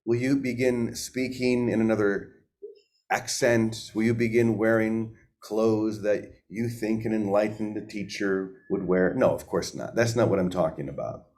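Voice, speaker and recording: A man's voice: on the low side, fairly even intonation, measured pace, a little mellow. A man hosting an informal spiritual talk in a conversational way. He asks his listeners questions and often repeats words as he thinks aloud. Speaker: spiritual teacher and host.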